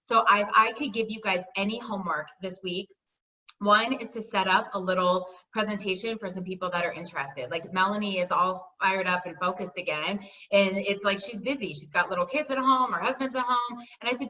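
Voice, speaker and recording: Woman team leader on a call, upbeat and chatty, bright voice, slightly far and dull audio. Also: medium pitch, fairly quick. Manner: enthusiastic, chatty, peppered with "like" and "right?".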